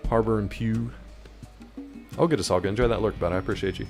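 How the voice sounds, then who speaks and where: A man's voice: lowish voice, steady tone, fast, vocal fry, over music. A young man chatting casually on a live stream, answering chat and hopping between topics while he plays. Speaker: game streamer.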